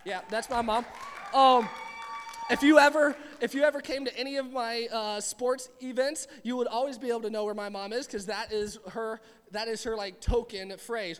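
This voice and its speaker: A young man preaching a sermon to a live audience in a church hall, in a chatty, animated, rambling way. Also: sits high, moderate pace. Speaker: pastor. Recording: long reverb of a large hall.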